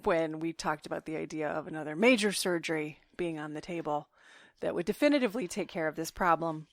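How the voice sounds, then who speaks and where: A woman co-hosting a podcast, chatting casually with her spouse in a soft-spoken, affectionate, gently teasing way. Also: low-pitched, a little fast, no echo, clean studio sound. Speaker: podcast co-host.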